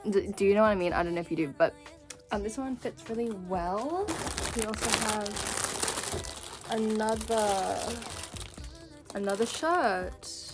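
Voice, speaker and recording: A woman's voice: medium pitch, lively intonation, measured pace, pauses often. A teenage girl chatting casually as she narrates her own vlog, breezy and self-mocking. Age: teens. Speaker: vlogger. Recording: loud background music.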